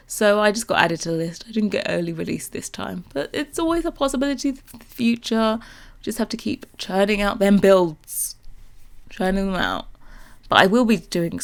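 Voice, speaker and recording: A young woman chatting casually over a game build, bubbly and rambling as she gets excited about new content. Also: on the low side, vocal fry. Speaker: Sims builder and YouTuber.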